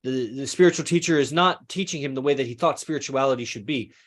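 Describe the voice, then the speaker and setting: Talking fast in a medium-pitched voice, a male podcast host rambles through a casual philosophical monologue. He swears freely and corrects himself partway through sentences.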